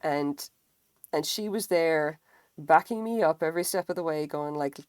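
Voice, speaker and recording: A woman's voice: normal speed, darkish tone, smooth, no echo. A tired woman chatting casually on a live stream while she crochets, rambling and self-deprecating, swearing now and then. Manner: rambling, self-deprecating, acts out quotes in higher voices.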